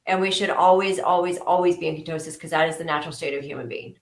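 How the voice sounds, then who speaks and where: A woman speaking as a guest in a casual interview chat, earnest and slow with frequent pauses and restarts. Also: sits low, steady tone. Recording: echoey room.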